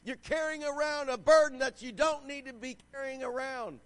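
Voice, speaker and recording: A man's voice: very high-pitched, steady tone, normal speed. A man preaching a sermon, reading scripture and calling out to the congregation with rising fervor. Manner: reads scripture aloud, asks the crowd "Amen?". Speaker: pastor.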